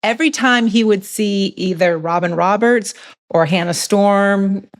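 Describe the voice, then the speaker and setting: A woman's voice: mid-range voice, a little slow. A middle-aged woman hosting a podcast, chatting and reflecting in a casual conversation. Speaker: podcast host.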